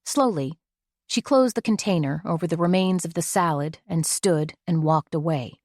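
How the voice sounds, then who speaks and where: A woman's voice: on the low side, moderate pace, darkish tone, no echo, clean studio sound. A woman narrating an audiobook in a scripted reading style, giving the characters' dialogue in her own voice.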